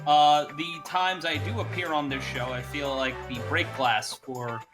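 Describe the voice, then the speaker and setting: A man competing on a comedy debate show, joking and mocking himself with quick asides. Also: on the high side, little pitch movement, music in the background. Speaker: debate contestant, radio personality. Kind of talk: comedic banter.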